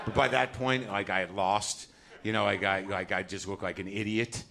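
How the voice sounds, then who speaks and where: A man's voice: on the low side, normal speed, creaky, pushed and bright. Neurotic ranting man doing stand-up. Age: 40s. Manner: neurotic, ranting, acts out voices. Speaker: stand-up comedian. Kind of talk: stand-up comedy set. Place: comedy club stage before a live audience.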